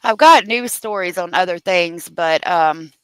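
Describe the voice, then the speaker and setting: Slow-talking woman livestreamer. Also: lowish voice, fairly bright tone, smooth, low-quality recording. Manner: chatty, laughs often, drawn-out exclamations. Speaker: true crime livestream host. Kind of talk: casual livestream chat reading comments.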